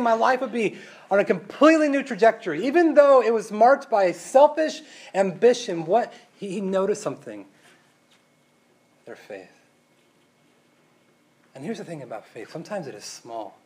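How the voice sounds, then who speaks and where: A man preaching a casual sermon, full of rhetorical questions and tag questions, moving between loud emphasis and quiet asides. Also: on the high side, a little hiss or hum. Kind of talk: conversational sermon.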